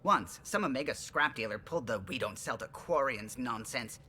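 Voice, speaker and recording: Lively alien ship pilot. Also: male voice, medium pitch, normal speed, slight background noise. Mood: proud. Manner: proud, lively storytelling about the ship.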